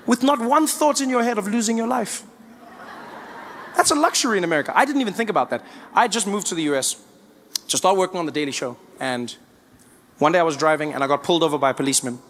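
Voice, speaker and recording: A man doing stand-up, telling a story with animated, stammering delivery. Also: high voice, slight background noise. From South Africa. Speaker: stand-up comedian.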